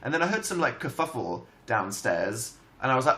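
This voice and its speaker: A young Englishman hosting a livestream from home, telling stories in an animated, self-mocking and dramatic way. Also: mid-range voice, fairly quick, hardly any pauses, slight background noise. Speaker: livestream host. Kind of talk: casual storytelling chat. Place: home, indoors.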